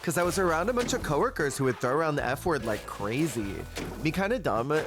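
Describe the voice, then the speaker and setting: A man's voice: on the high side, big pitch swings, brisk. A man streaming a cozy game, chatting casually, answering his chat and laughing often. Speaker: Twitch streamer. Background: game music.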